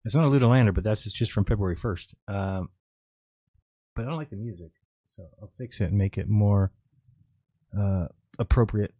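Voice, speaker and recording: A man's voice: lowish voice, normal speed, long pauses, warm tone, dry recording. A man hosting a live stream, casually reading viewer questions aloud and answering them in a rambling, offhand way.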